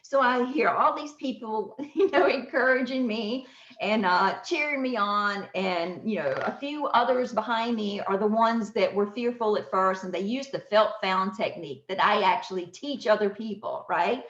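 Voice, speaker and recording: A woman's voice: mid-range voice, moderate pace, a bit bright. A woman tells a personal story on her podcast, laughing often and acting out the voices of others. Her voice sits in the middle of the usual range for a woman. The sound is roomy and a little dull. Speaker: podcast host. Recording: roomy, slightly dull audio.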